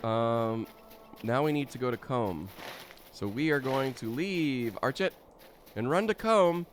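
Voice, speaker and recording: A man's voice: medium pitch, lively intonation, a little slow, soft background music. A man streaming a game, chatting casually and playfully, often giggling and joking to himself.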